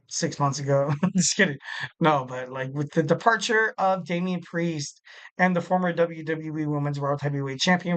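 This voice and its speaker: Rambling, animated wrestling podcast host. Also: male voice, high-pitched, clear, resonant tone, rough recording. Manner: rambling and animated, full of "like" and "you know", laughs a lot. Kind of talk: casual solo podcast commentary.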